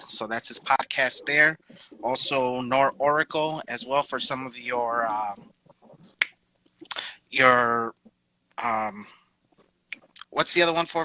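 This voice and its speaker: A man's voice: medium pitch, slow, pauses often, pushed and bright, rough recording. A man hosting a casual interview show, hyped and slangy, calling his guest bro and dude and repeating words as he talks. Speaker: host. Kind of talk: casual chat.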